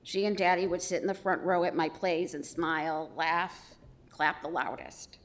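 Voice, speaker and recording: A middle-aged woman giving a eulogy for her mother, telling stories with gentle humor. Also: on the low side, steady tone, moderate pace. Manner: warm storytelling with gentle humor. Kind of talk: funeral eulogy.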